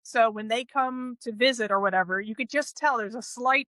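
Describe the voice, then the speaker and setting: A woman's voice: on the high side, moderate pace, a bit bright, no room sound, rough recording. A woman guest on a podcast, chatting in an easygoing way. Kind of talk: casual chat.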